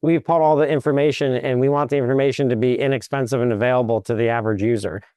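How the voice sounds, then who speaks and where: Male real estate broker as guest, smooth resonant voice, animated storyteller, dry sound. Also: medium pitch, fast, no room sound. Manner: lively anecdotes, acts out quotes.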